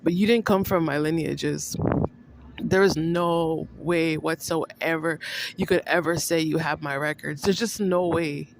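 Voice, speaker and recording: A woman vlogger in a rambling monologue, accusing someone she addresses by name, repeating herself with halting restarts. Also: low voice, fairly even intonation, gravelly, a little hiss or hum, poor audio. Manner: accusing, repetitive, addresses an absent person by name; halting, with many restarts and fillers.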